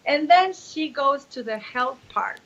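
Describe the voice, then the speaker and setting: Speaking a little slowly in a high voice, a Spanish-speaking woman from Mexico in her forties shares her personal story openly as a life coach guest, expressive and frequently restarting. The audio sounds dull.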